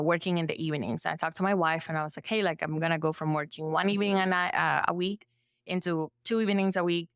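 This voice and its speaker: Low, smooth-voiced woman telling her story. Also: dry recording, studio quality. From El Salvador. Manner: frequent "like" fillers, lively acted-out quotes. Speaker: therapist and podcast guest. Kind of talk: conversational storytelling.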